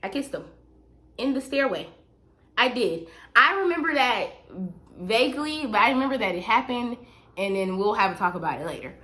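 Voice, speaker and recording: A woman's voice: fairly high pitch, animated, normal speed, fairly bright tone. A young woman telling a personal story on her vlog, emphatic and repetitive, talking straight to her viewers. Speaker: vlogger.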